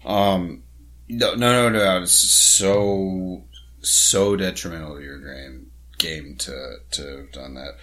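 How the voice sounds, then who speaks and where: Deep-voiced rambling man on a podcast. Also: slow pace, a bit bright. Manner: rambling, swears, reads names off a list. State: has the hiccups. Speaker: podcast co-host. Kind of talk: casual sports podcast chat.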